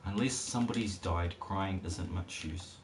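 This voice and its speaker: Deep-voiced man rambling while streaming. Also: unhurried. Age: adult parent. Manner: rambling, jokey asides to chat. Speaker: game streamer. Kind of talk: casual live-stream commentary. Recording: noisy background hiss.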